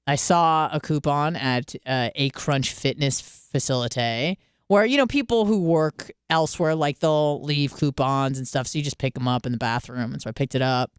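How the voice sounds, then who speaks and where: A woman in her late twenties hosts a solo radio talk segment, telling personal stories in a candid, lively way and cursing freely. Her voice is exceptionally crisp and smooth. The studio sound is dry and close, with no room echo. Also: low-pitched. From Michigan. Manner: candid, swearing, lively storytelling. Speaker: radio show host. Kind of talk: casual solo radio monologue.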